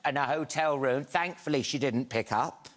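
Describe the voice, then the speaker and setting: A man's voice: medium pitch, moderate pace. A British man, a chat show guest, telling a funny story with giggles and put-on voices. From Britain. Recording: studio with loud noise.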